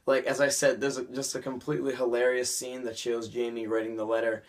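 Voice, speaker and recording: A man's voice: medium pitch, level tone, fairly quick. A young man vlogging an episode review in a rambling, chatty way, full of restarts. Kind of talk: casual episode review vlog.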